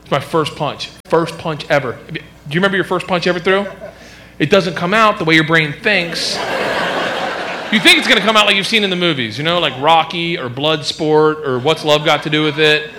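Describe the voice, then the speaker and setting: A man telling a story in stand-up, animated and acting out sounds. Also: on the high side, fairly quick, noisy background. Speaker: stand-up comedian.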